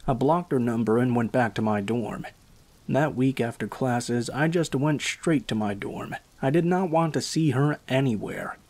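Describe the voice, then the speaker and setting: A man reads a first-person horror tale in an even, scripted storytelling voice. His pitch sits in the ordinary middle range for a man.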